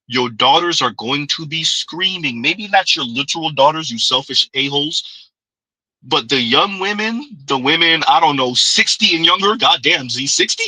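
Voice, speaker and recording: Bright, sarcastic commentary man. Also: a little high, no room sound, poor audio. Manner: sarcastic, talks back to himself. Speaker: commentary host. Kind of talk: reaction commentary.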